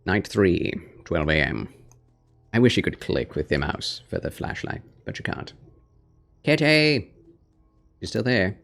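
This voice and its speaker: A man's voice: sits low, very animated, unhurried, gravelly, pauses often, a bit bright, soft background music. A man streaming a horror game for his chat, chatting casually and cooing at his cat. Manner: talks baby talk and whispers to his cat. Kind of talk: casual gameplay livestream chat.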